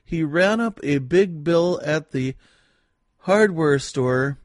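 Male reader, high voice, slow deliberate complaint, dry close sound. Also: lively intonation, no room sound. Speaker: story contributor. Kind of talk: reading a comic monologue.

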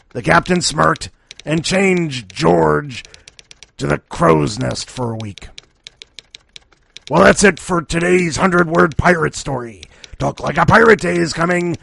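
A man hosts a short-story podcast, reading a brief tale aloud. His voice is heavily gravelly and a little husky, and he breaks off for jokey, self-deprecating asides. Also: on the high side, fairly bright tone. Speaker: podcast host.

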